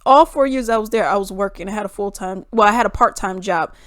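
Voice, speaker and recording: A woman's voice: medium pitch, fast talker, dry recording. Young woman vlogger, mid-range voice, emphatic opinionated commentary with a dry, close sound. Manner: emphatic, with rhetorical questions.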